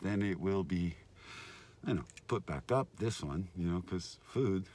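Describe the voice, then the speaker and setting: A man rambling in a casual vlog, outdoors at a food stand, his voice swinging between loud and muttered. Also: deep voice, animated, measured pace. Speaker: vlogger. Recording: noisy street ambience.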